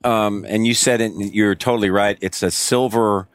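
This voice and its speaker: A man's voice: fairly low pitch, steady tone, moderate pace, faint music behind. A man co-hosting a podcast in casual, joking chat. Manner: jokey, laughs often. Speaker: podcast co-host.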